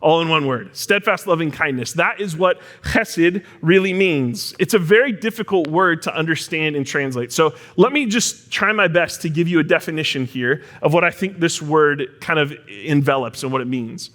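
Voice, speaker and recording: Joking, higher-voiced man preaching. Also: expressive, moderate pace, hardly any pauses, a bit bright. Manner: casual, joking teacher-like delivery. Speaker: pastor. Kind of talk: sermon.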